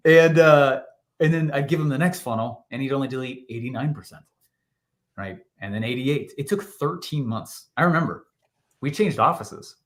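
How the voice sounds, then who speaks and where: Give me an animated man guest who laughs often and acts out quotes. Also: mid-range voice, moderate pace. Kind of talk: storytelling interview answer.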